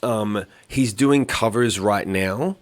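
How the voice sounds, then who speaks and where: A man's voice: on the low side, takes it slowly. A man co-hosting a podcast in casual chat, talking bluntly and emphatically with a lot of swearing. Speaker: podcast co-host.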